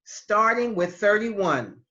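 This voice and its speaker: A woman teaching Spanish in an online class, explaining patiently with halting restarts over a video call. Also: mid-range voice, lively intonation, sharp tone, muffled recording.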